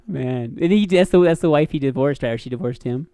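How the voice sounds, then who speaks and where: A man's voice: medium pitch, fairly quick, clear, resonant tone, no room sound. A man hosting a podcast, telling crude stories in casual chat, swearing and laughing often. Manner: animated storyteller, laughs a lot, swears. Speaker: podcast host.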